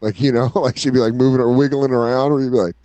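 A young adult man co-hosting a comedy podcast, animated and swearing, acting out quoted voices. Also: medium pitch, fast talker, no room sound. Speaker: podcast co-host. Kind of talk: casual comedic banter.

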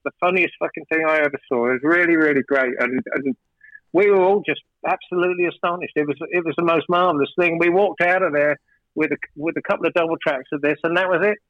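A fast-talking record producer with a fairly high voice recounts a lengthy studio story in an informal interview, restarting often, leaning on fillers and getting increasingly animated and emphatic. The audio is dull, without echo.

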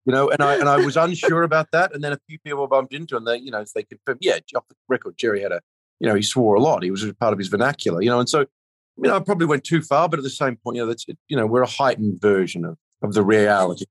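A man with a mid-range voice talks fast in a recording with no room sound. He's being interviewed as an actor and rambles casually, restarting often and leaning on filler phrases. He isn't a native of the country he's discussing.

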